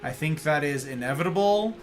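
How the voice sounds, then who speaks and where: A man's voice: a little high, lively intonation, brisk. A man casually commentating a video game live, playful and chatty, greeting his viewers. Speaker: game streamer.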